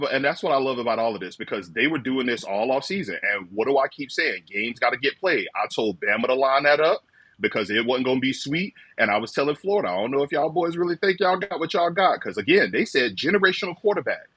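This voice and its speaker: A man with a slightly husky voice talks college football with a co-host, animated and full of mock quotes. The sound is dry and close, with no room around it. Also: medium pitch, fast talker, dry recording. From rural southern United States. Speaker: co-host of a fan call-in show. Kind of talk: casual sports talk.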